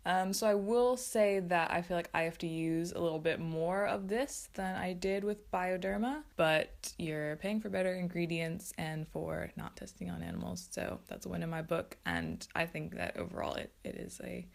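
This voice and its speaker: A woman's voice: on the low side, animated, normal speed, vocal fry, few pauses. A woman hosting a casual skincare favourites video, chatty and enthusiastic. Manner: chatty, enthusiastic, self-aware. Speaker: beauty vlogger.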